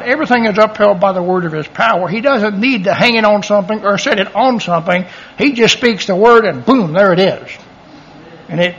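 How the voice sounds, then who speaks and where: Male preacher, bright husky voice, conversational sermon, lo-fi recording. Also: sits high. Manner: folksy, conversational preaching with chuckles and acted-out dialogue.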